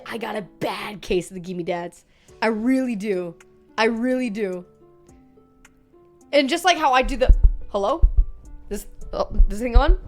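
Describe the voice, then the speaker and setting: A young woman streaming from her room at home, chatting casually with viewers, reading chat aloud and joking between giggles. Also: mid-range voice.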